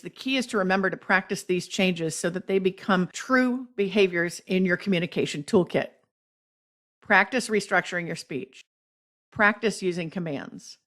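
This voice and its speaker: Female podcast host, middle pitch, measured instructive read of speech advice. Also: fairly bright tone. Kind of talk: scripted explanation of speech tips.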